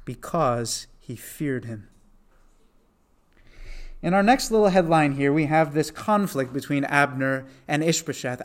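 A man teaching a Bible study in a conversational way, often asking rhetorical questions. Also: on the high side.

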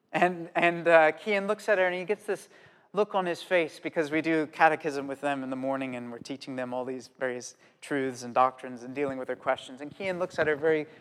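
A man's voice: on the high side, smooth. Earnest preacher man in an echoing hall. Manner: earnest, animated storytelling with pauses. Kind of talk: sermon. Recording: long hall reverb.

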